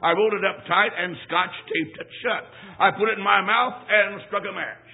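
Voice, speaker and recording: A man's voice: high-pitched, steady tone, moderate pace. Folksy preaching man, tinny sound. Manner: folksy, emphatic, punchy repetition. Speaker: traveling evangelist. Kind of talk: storytelling sermon. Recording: thin phone-like sound.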